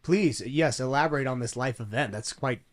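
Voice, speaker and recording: A man's voice: medium pitch, a little fast. Eager male podcast host. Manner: affirming, eager, asks open questions. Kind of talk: casual podcast interview.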